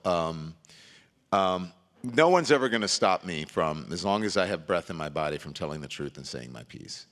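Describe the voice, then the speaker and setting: A man speaking as the guest journalist in a live stage conversation, an animated storyteller who gets loud and laughs as he tells it. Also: low-pitched, long reverb tail. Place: event stage before an audience.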